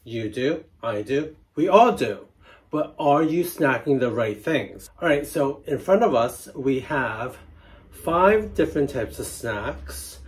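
A man hosting a casual food chat, speaking hesitantly and often trailing off. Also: fairly high pitch. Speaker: host.

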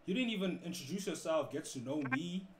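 A man from South Africa livestreaming prank chats with strangers, teasing them with deadpan, playful banter. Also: a little high, a little fast. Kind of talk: prank chat with strangers on video call. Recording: echoey room with faint background noise.

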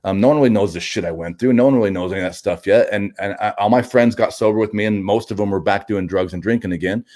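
A man with a somewhat low voice tells his story to an interviewer. His delivery is raw and intense, full of false starts and repeated words, and he swears bluntly as he goes. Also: darkish tone. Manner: halting, with frequent restarts and repeated words; blunt and profane. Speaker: guest.

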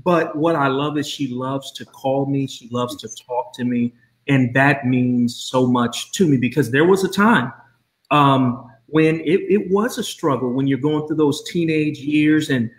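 A middle-aged man hosting a podcast interview, enthusiastic and encouraging, often repeating words as he starts a thought. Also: medium pitch. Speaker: podcast host. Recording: roomy echoey room.

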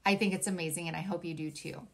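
A woman's voice: lowish voice, steady tone, fast talker, rough recording. A woman chatting through a home decor DIY tutorial in an upbeat, friendly way, often saying "y'all". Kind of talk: casual tutorial narration.

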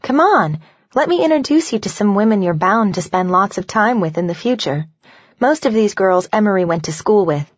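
A woman's voice: mid-range voice, expressive, normal speed, dry recording, lo-fi sound, natural voice. A woman reading a bold, playful young hostess.

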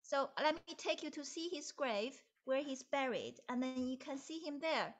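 A woman voicing a kindly dinosaur puppet villager, speaking slowly, gently and apologetically. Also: sits high, lively intonation, highs cut off. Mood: sorrowful.

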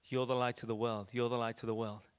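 A man from Liverpool, England preaches a storytelling sermon to an audience in a church meeting room, animatedly acting out the dialogue of his stories. He's an evangelist with a mid-range voice, a clear, resonant tone, a quick pace and a flat delivery.

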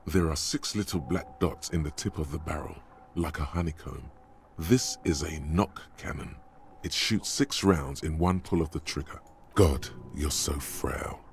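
A gravelly grim game narrator. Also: male voice, a little hiss or hum, heavily acted. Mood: ominous. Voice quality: deep and gravelly. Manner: slow, ominous and vivid. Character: grim omniscient male narrator of a detective game. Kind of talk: dramatic scripted narration.

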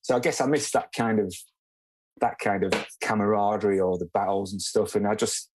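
Low-voiced man in relaxed podcast chat. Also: brisk, noisy background. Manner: easygoing, reflective, short plain sentences. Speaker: guest, former footballer.

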